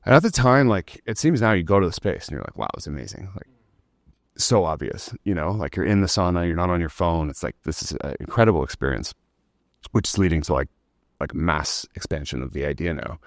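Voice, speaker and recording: A man's voice: deep voice, lively intonation, brisk, no room sound, studio quality. A man, telling his startup story as a podcast guest in a rambling, casual way, full of "like" and the odd swear word.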